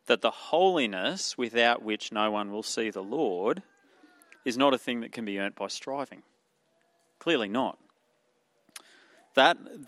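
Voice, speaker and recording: A man's voice: mid-range voice, a bit bright, no echo. A man with an Australian accent preaching a sermon in an earnest way, asking rhetorical questions and using fillers.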